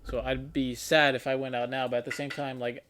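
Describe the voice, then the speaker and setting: A man's voice: medium pitch, flat delivery, brisk, fairly bright tone, slight background noise. A young man in his twenties, a podcast co-host, telling stories in casual chat among friends, loose and profane, full of "like" and "bro", rambling with many restarts.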